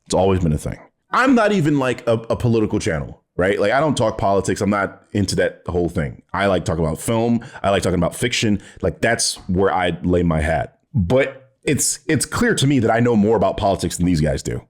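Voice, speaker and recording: A man's voice: deep voice, sing-song, a little fast. A man reacting to a video, sarcastic and exasperated, swearing often and laughing in disbelief. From United States. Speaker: commentary youtuber reacting to a video. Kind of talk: reaction commentary, casual and profane.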